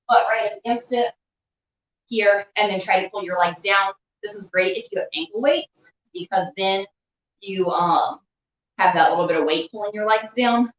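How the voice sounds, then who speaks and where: A woman's voice: mid-range voice, fairly bright tone, slight background noise. A young woman teaching a stretching class, chatty and encouraging, a little out of breath as she holds the stretches. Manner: chatty, encouraging, filler-heavy. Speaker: stretching instructor. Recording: echoey room, dull lo-fi sound.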